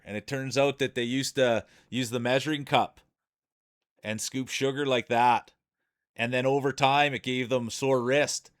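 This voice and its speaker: A man's voice: mid-range voice, fairly bright tone. A man with a Canadian accent giving chatty play-by-play commentary on a live stream. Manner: chatty play-by-play with frequent laughs.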